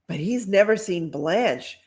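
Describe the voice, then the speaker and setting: Woman voicing a hushed hopeful witch-costumed girl. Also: medium pitch, lively intonation, takes it slowly.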